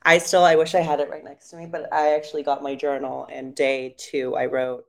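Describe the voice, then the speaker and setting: Low-voiced chatty young woman. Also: fairly quick, gravelly. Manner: chatty storytelling, quotes herself in lively voices. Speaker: guest. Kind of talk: casual chat.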